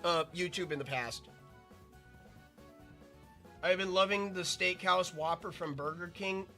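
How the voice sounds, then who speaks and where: A man's voice: sits high, bright, forceful tone. A man giving rambling, chatty commentary while playing a video game. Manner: rambling, chatty, self-interrupting. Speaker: gaming video creator. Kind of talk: casual gameplay commentary.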